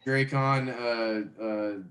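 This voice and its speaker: A man's voice: medium pitch, steady tone, drawn-out words, fairly bright tone, echoey room, soft background music. A man playing a tabletop game, joking around and hesitating with fillers. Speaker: player. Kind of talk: casual chat at a game table.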